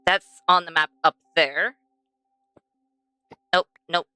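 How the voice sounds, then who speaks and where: A woman's voice: lowish voice, steady tone, slow, bright, forceful tone, smooth, dry recording, soft background music. A young woman streaming a game, chatting to herself and to the animals she passes as she plays. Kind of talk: casual gameplay commentary.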